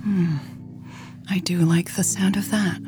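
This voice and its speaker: A woman voicing a playful, teasing young woman in love, speaking softly and often in a breathy whisper. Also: fairly low pitch, moderate pace, close to an everyday voice. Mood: tender, teasing. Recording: faint music behind.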